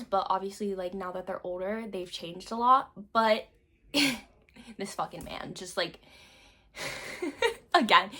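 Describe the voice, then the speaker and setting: A young woman chatting casually about books, gushing with frequent laughs and swearing, swinging between loud bursts and soft asides. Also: fairly high pitch. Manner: gushing, swears often, many likes. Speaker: book reviewer. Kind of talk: casual book chat.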